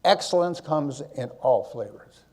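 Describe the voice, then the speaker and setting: Animated older man giving a keynote. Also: a little high, measured pace. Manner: animated, tag question "okay?" after points. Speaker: conference speaker. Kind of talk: storytelling keynote talk.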